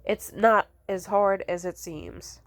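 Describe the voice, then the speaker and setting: A woman's voice: medium pitch, slow pace, dry recording. A young woman ranting casually, blunt and profane, exasperated, mimicking the people she complains about.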